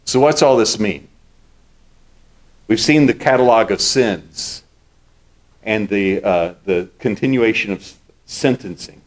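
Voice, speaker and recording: A man's voice: on the low side, a little slow, long pauses. A man preaching a sermon as pastor. He explains scripture step by step and repeats key words for emphasis.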